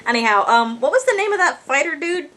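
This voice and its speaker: A woman's voice: high voice, expressive, fast talker, bright, forceful tone. A woman co-hosting a casual reaction chat, wry and talkative, riffing jokes while an episode plays.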